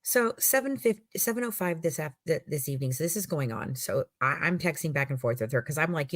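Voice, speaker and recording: A woman from the United States, somewhere in middle age, speaks in a slightly low register with no room sound around her. She tells a profane story in casual chat, animated and full of swearing, slipping into the voices of the people she quotes. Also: brisk, hardly any pauses, dry recording, clean studio sound.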